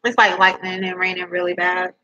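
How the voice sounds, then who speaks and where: A woman's voice: fairly low pitch, little pitch movement, brisk, sharp tone, dull audio. A young woman vlogging casually from home into her laptop, chatty and rambling, eating as she talks and swearing in disbelief. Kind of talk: casual chat to camera. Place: at home indoors. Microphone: laptop microphone.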